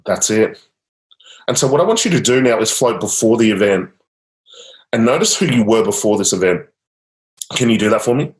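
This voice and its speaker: A man's voice: fairly low pitch, animated, brisk, pauses often. A man guiding a client through a coaching session, upbeat and encouraging, with casual fillers. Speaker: change coach. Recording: roomy echo.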